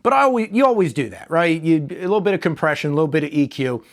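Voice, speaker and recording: Fast-talking and expressive, this man has a fairly high voice and a nose stuffed up from allergies. In a loose, rambling unboxing vlog, he reviews a new microphone with fillers and mild swearing. He starts on a lapel mic, then switches to the new desk condenser mic.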